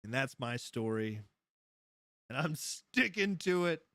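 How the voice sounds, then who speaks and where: A man's voice: medium pitch, very animated, takes it slowly, sharp tone, no echo, studio quality. A man hosting a casual live stream, rambling through stories, laughing often as he goes and answering his chat. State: high. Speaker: livestream host.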